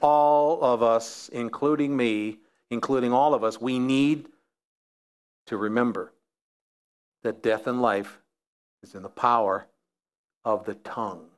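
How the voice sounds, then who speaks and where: A man's voice: mid-range voice, slow pace, long pauses, clean tone. A man preaching a sermon as pastor, building emphasis through repeated phrases.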